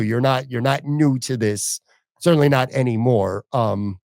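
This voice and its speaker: A man's voice: medium pitch, darkish tone, no room sound. Chatty male podcast host, dry sound. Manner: chatty, rambling questions with fillers. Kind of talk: casual podcast interview.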